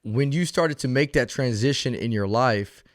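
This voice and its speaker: A man's voice: medium pitch, moderate pace, no echo, clean studio sound. A man hosting a casual podcast interview, laughing along and chiming in with questions. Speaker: podcast host.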